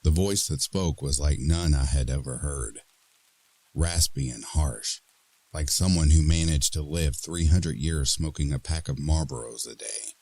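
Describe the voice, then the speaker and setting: A man narrating a horror story in a dramatic, expressive reading style. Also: rumbling low, unhurried, gravelly.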